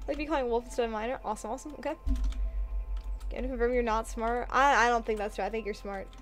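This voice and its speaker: A woman's voice: fairly high pitch, fairly even intonation, fast talker, fairly bright tone, slight background noise. A woman streaming a game, chatting casually in a bubbly, giggly way while reading chat aloud.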